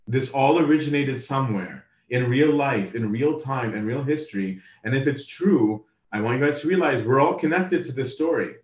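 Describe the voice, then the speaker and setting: A man's voice: medium pitch, lively intonation, normal speed, hardly any pauses, a little mellow. A man preaching a sermon in a casual, conversational way. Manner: casual, conversational, acts out quoted voices. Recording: roomy, from a distance.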